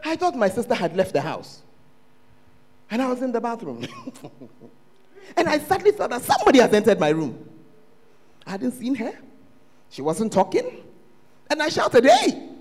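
A Ghanaian English-accented man preaches as pastor at a church service, shifting between shouts and hushed asides. His very high, husky voice swings hugely in pitch, moving at normal speed with frequent pauses.

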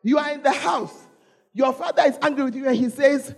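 A woman's voice: high-pitched, fairly quick, creaky. A woman with a Ghanaian English accent preaching a storytelling sermon, calling out to the congregation and repeating her phrases.

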